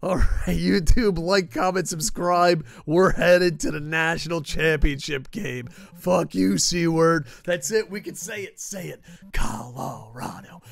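A young man streaming a football video game live, joking with his chat, swearing and getting loudly excited. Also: a little high, measured pace, creaky, hardly any pauses, no room sound.

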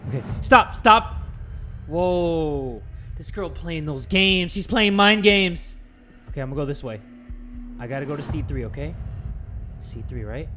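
Gaming host, male, high and wildly animated, flips between whispers and screams, voice worn from yelling, creepy game music behind. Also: a little slow, long pauses. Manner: excitable, swings from hushed muttering to loud screams. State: strained voice from screaming. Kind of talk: horror game playthrough commentary.

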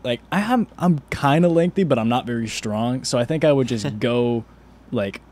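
A young man co-hosting a podcast in a relaxed, giggly chat full of likes and you-knows. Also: medium pitch, normal speed. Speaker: podcast co-host. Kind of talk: casual chat.

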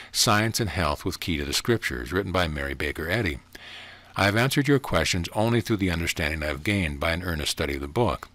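A man with a deep voice reading the lines of a calm, earnest young woman who explains her faith gently and steadily, recorded dry. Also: dry recording.

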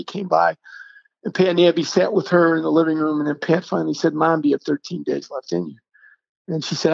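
A middle-aged man, a podcast guest, telling a personal story in an earnest, halting way and acting out the dialogue. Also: a little high, gravelly, no echo. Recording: dull, dry lo-fi sound.

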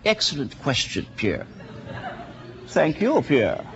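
A man doing a comedy impression of a vain former prime minister who interviews himself, smug and halting with many uhs. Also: on the high side, wildly swooping pitch, lo-fi sound, a crowd in the background, noisy background, full character voice.

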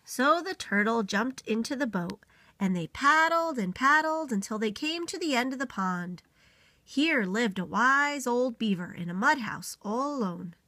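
A woman teacher reading a picture book aloud to young children in an expressive, animated way. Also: fairly high pitch, unhurried, no echo. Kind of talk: storybook read-aloud.

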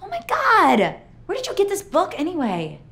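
A woman's voice: a little high, very animated, moderate pace, slight background noise. A sarcastic, exasperated girlfriend. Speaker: girlfriend in a comedy sketch. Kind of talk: scripted comedy sketch acting.

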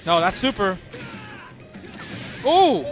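Hyped high-voiced man commentating. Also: very animated, extremely slow, faint music behind. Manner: hype reactions, slangy, frequent shouts. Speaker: host commentating pro players. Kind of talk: excited casual commentary.

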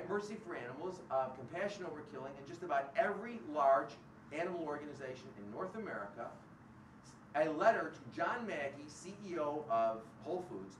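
A man giving a public university lecture, animated and sarcastic, often acting out the voices of the people he quotes. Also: a little high, recorded from a distance, noisy background. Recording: roomy hall picked up from afar.

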